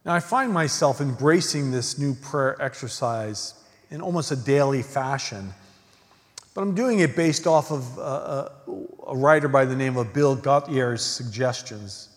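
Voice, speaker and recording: A man preaching a sermon as pastor, earnest, swinging from emphatic questions to hushed, near-whispered lines. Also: mid-range voice, unhurried. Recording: long reverb of a large hall.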